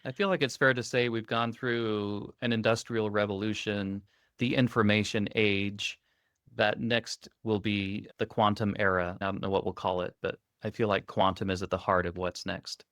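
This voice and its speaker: A man co-hosting a tech podcast, talking in a relaxed, upbeat, conversational way. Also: on the low side, moderate pace, smooth, no room sound, clean studio sound. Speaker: co-host. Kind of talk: casual tech podcast chat.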